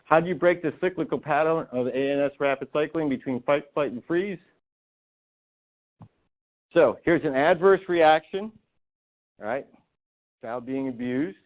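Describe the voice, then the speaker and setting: A man's voice: a little high, unhurried, pauses often. A man giving a continuing-education talk to physical therapists, emphatic and full of rhetorical questions. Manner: emphatic, rhetorical questions, acts out patient quotes. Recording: tinny phone-like webinar audio.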